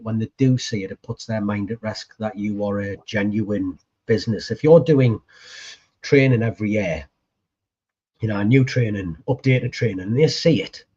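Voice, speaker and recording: Chatty, swearing man, husky and warm. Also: mid-range voice, lo-fi sound. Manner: chatty, swears freely, acts out past conversations. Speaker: podcast co-host appearing as guest. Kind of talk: casual storytelling chat.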